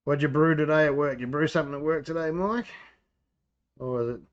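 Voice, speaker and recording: A man's voice: on the high side, a little fast. Chatty Australian man, slightly muffled. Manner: rambling, talks to himself and reads out chat. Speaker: home brewing livestream host. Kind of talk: casual live-stream chat while brewing. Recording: slightly dull lo-fi sound.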